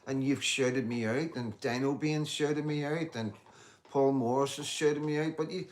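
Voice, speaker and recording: A man in his fifties hosts a livestream in a chatty, blunt way, swearing freely as he answers viewers. His pitch sits in a middle range. A faint hiss runs under his voice. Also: steady tone, normal speed. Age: 50s. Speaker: livestream host. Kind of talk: casual livestream chat, reading out viewer comments.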